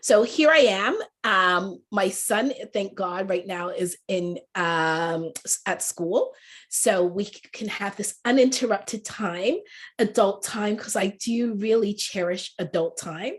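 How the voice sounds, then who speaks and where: Speaker with a mixed English-Canadian-Jamaican accent. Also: female voice, mid-range voice, slow pace. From born in England, raised in Canada. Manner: warm, laughing, animated, quotes people in lively voices. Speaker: guest speaker, life coach. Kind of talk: motivational talk on a video call. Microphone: video call.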